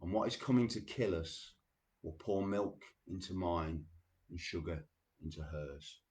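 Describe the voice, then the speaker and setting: A man hosting a show, reading poems slowly and deliberately and chatting loosely between them. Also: deep voice, darkish tone. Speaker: radio show host. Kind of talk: poetry reading with casual asides.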